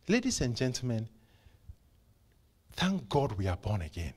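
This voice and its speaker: Male pastor, mid-pitched and husky, a fervent sermon style with stuttered restarts. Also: big pitch swings, normal speed. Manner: impassioned, stammering repeats, swings from hushed whispers to loud bursts. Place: church service.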